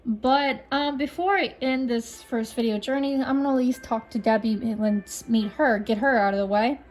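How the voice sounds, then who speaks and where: A woman's voice: a little high, fairly even intonation, normal speed, darkish tone, rough recording. A young woman giving chatty, reactive let's play commentary over a mystery game. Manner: chatty and reactive, with many fillers.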